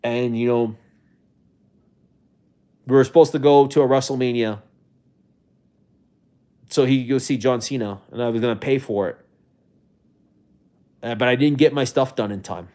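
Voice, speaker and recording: A man's voice: mid-range voice, steady tone, normal speed, long pauses, mellow. A man live-streaming from a rental home, talking casually to his viewers in a rambling way, often restarting his sentences, and at times getting emotional. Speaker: livestreamer.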